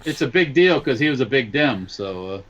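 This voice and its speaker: A man joins a podcast over a muffled, lo-fi call line. He talks haltingly, full of fillers and restarts, and his pitch swings up and down a lot. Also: expressive, fairly bright tone. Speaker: podcast guest. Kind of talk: casual chat over a call. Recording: dull lo-fi video call audio.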